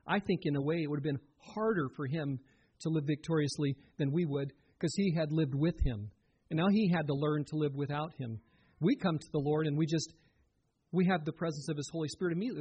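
A pastor preaching a sermon in an earnest, conversational way, often putting questions straight to his listeners. His voice sits a little high for a man and has a husky, breathy edge. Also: a little mellow, highs cut off.

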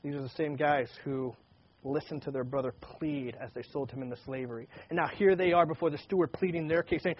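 A man reading Bible passages aloud and retelling them in a casual, animated way, with frequent restarts. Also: a little high, fast talker, husky, dull audio. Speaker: pastor. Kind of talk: Bible teaching, reading and commenting.

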